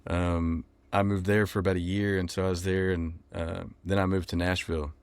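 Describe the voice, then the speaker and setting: A young man, talking casually in an interview with lots of ums and pauses. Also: low voice, clear, resonant tone, no room sound. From Texas. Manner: relaxed, many ums and restarts. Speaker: musician guest.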